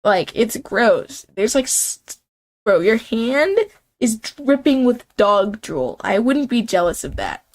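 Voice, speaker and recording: A woman's voice: on the high side, sing-song, slow, darkish tone. A young woman streaming a game, chatting playfully with her viewers and reading the on-screen text aloud. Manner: playful, chatty, reacts and jokes with chat.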